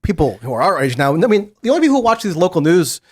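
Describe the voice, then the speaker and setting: A man's voice: fairly high pitch, sing-song. A man speaking as a guest on a casual panel discussion, blunt and sardonic. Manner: blunt, sardonic, rapid talker. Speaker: podcast guest.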